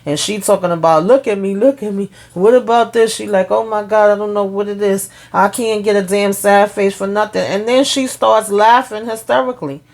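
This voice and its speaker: A woman's voice: mid-range voice, normal speed, hardly any pauses. Chatty woman recapping a TV drama. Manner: animated retelling of scenes with quoted lines, blunt and profane. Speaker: TV show recap host. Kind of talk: casual recap vlog.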